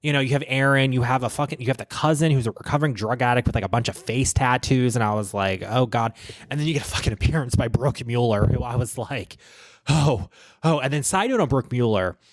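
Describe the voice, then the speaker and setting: A man rambling through gossip on his podcast, swearing often and stacking one aside on another. His voice sits at an ordinary middle pitch. The studio sound is close and dry, with no room echo. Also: fast, few pauses. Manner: profane, rambling, animated. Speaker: podcast host. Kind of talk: casual gossip commentary.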